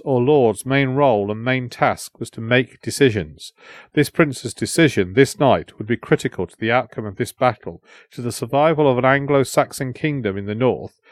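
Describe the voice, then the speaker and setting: A man reading a historical adventure novel aloud in a measured storytelling voice. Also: medium pitch, no room sound, clean studio sound. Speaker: audiobook narrator. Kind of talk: storytelling narration.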